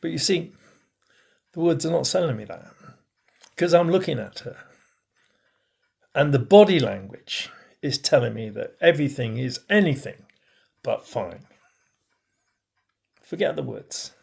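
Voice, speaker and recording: A middle-aged man teaches with deliberate, unhurried pacing, leaning hard on key words before dropping his voice. His tone is husky, with a gravelly fry under it. He speaks as a bishop giving a lesson on communication. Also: mid-range voice, lively intonation. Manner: emphatic, stresses key words with pauses and swings in loudness. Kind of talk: recorded teaching talk.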